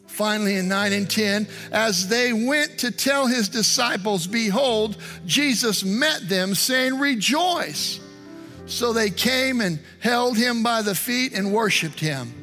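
A man's voice: extremely high pitch, sharp tone. A man preaching as pastor, reading scripture and weaving in prayers with earnest emphasis. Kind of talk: sermon. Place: church. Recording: online service stream with music.

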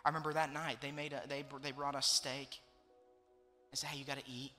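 A man's voice: medium pitch, level tone, brisk, sharp tone, in a large hall, soft background music. A young adult man preaching a sermon, pastor telling a personal story with emotional repetition. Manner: emotional storytelling, repeating phrases for emphasis.

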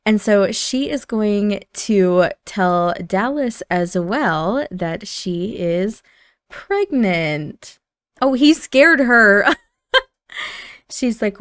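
A woman's voice: medium pitch, lively intonation, very slow, a bit bright, smooth, dry recording, studio quality. A woman chattily narrating a life-simulation gameplay session, giggling now and then.

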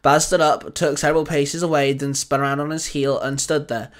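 Guy reading fanfic aloud, kinda higher voice, steady pace. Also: a little fast. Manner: steady reading with small restarts. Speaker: storyteller. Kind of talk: reading fan fiction aloud.

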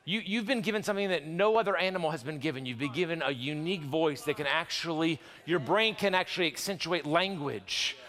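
A male pastor preaching a sermon in a church sanctuary, animated and conversational with quick restarts and jokes. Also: fairly high pitch. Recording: long church hall reverb.

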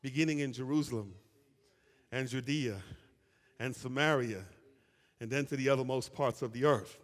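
A male pastor preaching a sermon to his congregation, reading scripture and asking the listeners to call out answers, with casual asides between verses. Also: mid-range voice. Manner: animated preaching with call-and-response questions to the congregation; conversational asides and quick restarts while reading scripture. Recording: long reverb of a church hall.

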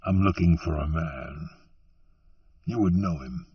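A man's voice: a bass voice, slow pace, breathy edge, no room sound, voice pushed down, exaggerated voice. A man voicing a terse, patient, weathered lone gunslinger, heard as a dull, distant recording.

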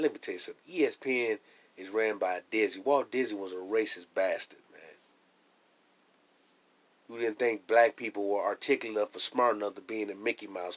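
Brief: fairly low-voiced man, solo vlogger, loose heated rant with frequent self-amused chuckles, home camera mic. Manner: rambling, heated, chuckling to himself. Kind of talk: ranting solo video monologue.

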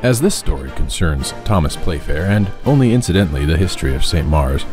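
A man narrating a classic children's book aloud in an expressive, animated storytelling manner. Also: rumbling low, a little fast, music in the background. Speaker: audiobook narrator.

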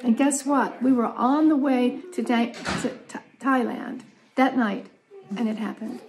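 Older woman, casual family chat, animated, laughs often, fairly high voice. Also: unhurried, slight background noise, low-quality recording.

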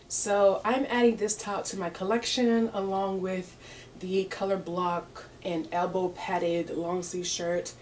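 A woman's voice: medium pitch, level tone, slow, darkish tone, a little hiss or hum. Sassy, playful woman fashion vlogger. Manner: playful, sassy, laughs often. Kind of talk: casual try-on haul chat.

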